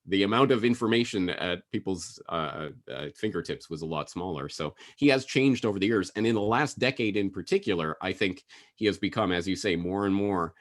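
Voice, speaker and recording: Guest commentator: thirties man, deep voice, measured and explanatory. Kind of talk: casual political interview.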